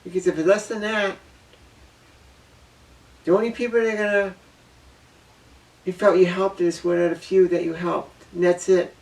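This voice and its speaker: A man with a gravelly, fairly high voice speaks in an earnest, emotional personal monologue, circling back and repeating his words. He sits a little away from the mic, so his voice sounds distant. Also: little pitch movement, moderate pace, long pauses, darkish tone. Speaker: vlogger.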